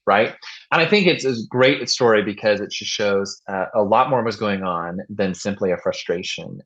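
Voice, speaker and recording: A man hosting a podcast, telling stories in a casual, animated way and acting out the voices of people he quotes. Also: lowish voice, highs cut off. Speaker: podcast host. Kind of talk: casual chat and storytelling.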